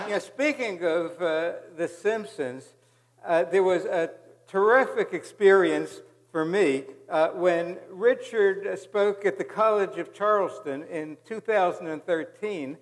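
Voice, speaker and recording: A man's voice: high voice, takes it slowly. A man interviewing a guest on stage, chuckling often and adding quips between questions. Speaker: interviewer, event host. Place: stage in a large hall. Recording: reverberant hall.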